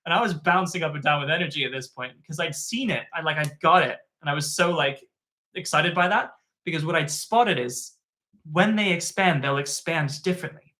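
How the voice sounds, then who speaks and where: Bright-voiced, chatty male tutor. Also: on the high side, moderate pace. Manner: animated, chatty, lots of fillers. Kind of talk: casual spoken anecdote.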